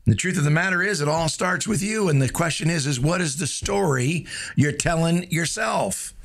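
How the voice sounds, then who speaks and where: A man's voice: fairly high pitch, moderate pace, vocal fry. A man hosting a casual motivational talk, folksy and joking, with lots of fillers. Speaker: host of a motivational show. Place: streaming live.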